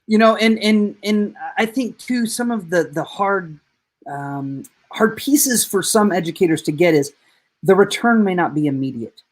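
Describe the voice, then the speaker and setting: A middle-aged woman, an educator hosting a podcast, telling heartfelt stories in an animated way. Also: mid-range voice, unhurried. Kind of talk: podcast conversation.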